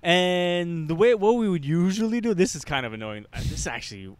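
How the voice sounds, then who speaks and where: A man's voice: sits high, lively intonation, brisk, clean tone, no echo. A young man telling a rambling, profane story in casual podcast chat, recorded outdoors in a park. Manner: rambling, swearing, laughing storyteller with many restarts. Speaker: podcast co-host.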